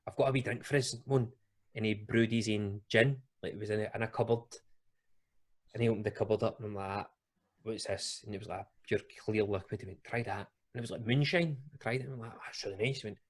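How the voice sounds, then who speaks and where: A man's voice: on the low side, breathy edge. A man with a Glaswegian Scottish accent hosting a podcast. He tells a story in a chatty, colloquial way and laughs often. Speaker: podcast host. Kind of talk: casual podcast chat, storytelling.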